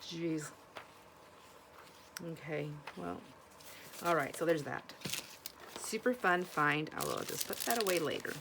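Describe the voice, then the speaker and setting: A woman from Washington State with a notably low voice talks casually to her viewers about her finds. She rambles and restarts her sentences, breaking off to exclaim and gasp over each new find. A faint hiss of noise sits under her voice. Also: animated, unhurried, creaky, pauses often. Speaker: vlogger showing thrift finds. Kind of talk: casual chat to camera.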